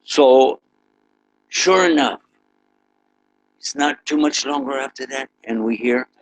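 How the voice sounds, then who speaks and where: In this noisy recording, a man with a mid-range voice speaks slowly while preaching to students as an Islamic teacher. His lively interactive story has the audience making sound effects and answering his questions.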